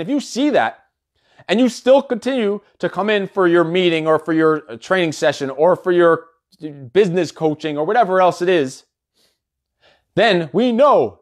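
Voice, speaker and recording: A man giving a blunt, heavily profane motivational monologue as a business and fitness coach. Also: fairly high pitch. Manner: blunt and heavily profane, with sudden loud emphatic peaks.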